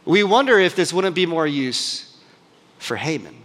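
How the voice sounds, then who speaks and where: A man's voice: fairly high pitch, very animated, unhurried, fairly bright tone, in a large hall. A man voicing a cautious palace guard who advises a king in a hesitant, deferential way.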